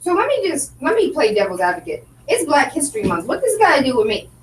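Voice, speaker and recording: A woman hosting an interview, probing and quick to ask follow-up questions. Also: high-pitched, huge pitch swings. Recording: roomy, distant mic, faint hum.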